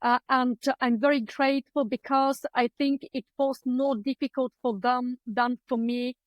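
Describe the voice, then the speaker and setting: A woman's voice: sits high, fairly even intonation, unhurried, no echo, highs cut off. A woman with a Bulgarian accent, not a native English speaker, telling her story as a guest with earnest, heartfelt hesitations. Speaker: guest, clinical psychologist. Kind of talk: candid personal storytelling.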